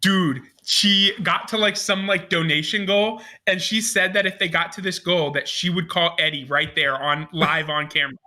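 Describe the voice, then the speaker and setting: Animated high bright co-host. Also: male voice, normal speed, hardly any pauses. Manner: animated, lots of "like", laughing while telling stories. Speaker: podcast co-host. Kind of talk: casual wrestling chat and storytelling.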